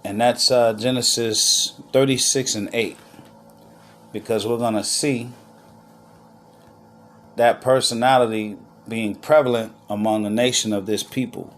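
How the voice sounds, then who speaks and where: A man giving a scripture lesson as teacher, unhurried with pauses, checking in often with "all right?" and "okay?". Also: medium pitch, steady tone. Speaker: Bible teacher.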